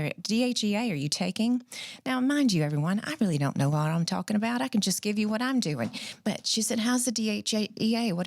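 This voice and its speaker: A woman in her fifties hosting a podcast, chatting casually and telling her story with animated restarts. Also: mid-range voice, no echo, clean studio sound. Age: 50s. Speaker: podcast host. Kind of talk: casual chat.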